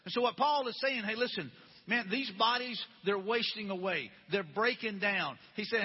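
A man's voice: sits high, fairly quick, husky. Brief: pastor, male, conversational sermon, dull lo-fi sound. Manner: conversational, repetitive rhetorical questions. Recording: dull lo-fi recording with long hall reverb.

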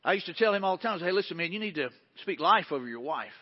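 A male pastor preaches in a high, conversational voice. He hammers repeated phrases and slips into quoted asides. The sound is dull and muffled, with a long reverb trailing through a large hall. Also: lively intonation, fast. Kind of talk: sermon.

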